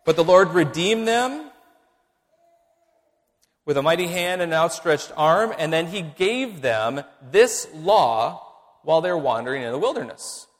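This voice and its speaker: A man delivers a teaching sermon, his voice sitting a little high and swinging widely in pitch. He drives points home by repeating them in a measured way. The sound rings with the long reverb of a church hall. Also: big pitch swings. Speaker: pastor.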